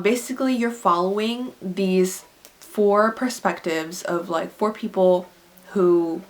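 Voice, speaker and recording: A woman's voice: lowish voice, fairly bright tone. A woman in her twenties recommending books in a casual vlog, chatty and gushing, filling her talk with "like". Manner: chatty and gushing, heavy use of "like" fillers. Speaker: book reviewer.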